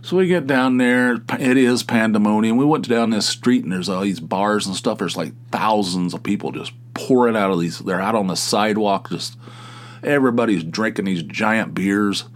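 A middle-aged man hosting a podcast, telling a personal story in a casual, animated way, jumping his voice up to act out quoted exchanges and swearing casually. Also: lowish voice, moderate pace. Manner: self-deprecating, swears casually. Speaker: podcast host.

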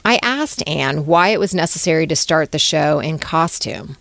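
A woman's voice: deep voice, animated, normal speed, vocal fry, fairly bright tone, dry recording. A woman hosting a podcast, narrating between segments and asking her guest curious questions. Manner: conversational, inquisitive. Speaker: podcast host.

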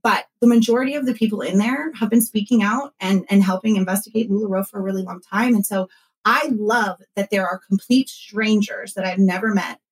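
A woman in her thirties who hosts a podcast, talking casually in an animated way and acting out what others said. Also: medium pitch, low-quality recording. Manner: animated storytelling, acts out quotes, frequent fillers. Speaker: podcast host and former consultant. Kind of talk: casual conversational interview.

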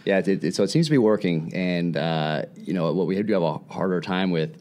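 A man's voice: deep voice, a little fast, a little mellow, a little hiss or hum. A man who is a guest on a podcast, talking candidly and casually, with many restarts and easy laughs. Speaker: guest, former special operations instructor.

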